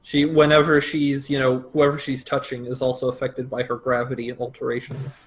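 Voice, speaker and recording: A man playing a tabletop game in casual chat, tentative and explaining his plans slowly. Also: medium pitch, monotone, low-quality recording. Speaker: player.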